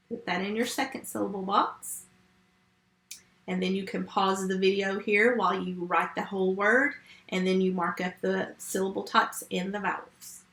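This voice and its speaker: A woman teaching a first grade phonics lesson remotely, sounding out words slowly and giving patient step-by-step instructions. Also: mid-range voice, a bit bright, roomy sound.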